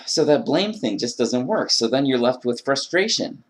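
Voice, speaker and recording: A man's voice: mid-range voice, very animated, normal speed. A man delivering an earnest, emphatic monologue about faith and frustration, acting out his own prayers. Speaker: video blogger. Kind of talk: religious rant monologue.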